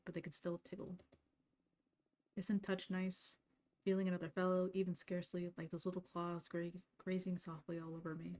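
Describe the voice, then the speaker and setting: A woman reading the lines of a gentle, confused ghost in a game, speaking softly and hesitantly. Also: lowish voice, natural voice. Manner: soft, hesitant, apologetic. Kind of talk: reading game dialogue aloud.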